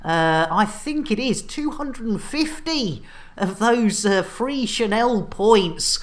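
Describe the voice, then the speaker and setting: A woman chatting casually to her viewers on a live game stream, animated and chatty with lots of fillers. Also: medium pitch, slow. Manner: animated, chatty, full of fillers and thank-yous.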